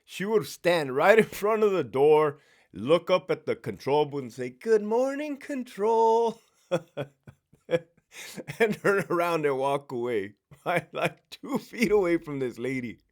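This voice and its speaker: Profane, animated male storyteller. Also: fairly high pitch, moderate pace. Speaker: former prison sergeant telling stories. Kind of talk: casual storytelling monologue.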